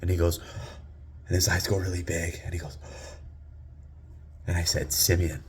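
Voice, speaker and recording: A man in his thirties, a father, telling a personal story in a lively way that rises loud and sinks to a hush. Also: a little slow, slight background noise. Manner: lively, climbs loud on exciting beats and drops low and hushed at tense moments.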